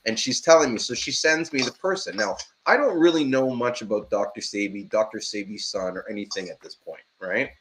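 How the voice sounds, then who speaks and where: A man in casual live-stream chat, telling a story in an animated, profane way and laughing often. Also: fairly low pitch, brisk, few pauses, a little hiss or hum.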